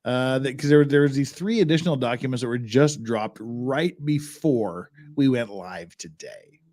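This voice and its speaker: A man's voice: mid-range voice, moderate pace, darkish tone. A man hosting a livestream, chatting casually and thinking aloud as he goes through documents. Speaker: livestream host.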